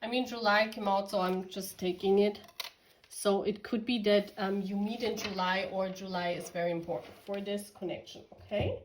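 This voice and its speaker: A woman's voice: mid-range voice, steady tone, moderate pace, a little hiss or hum, low-quality recording. A woman from Germany giving a casual tarot reading, chatty and giggly, talking straight to her viewers. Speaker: tarot reader.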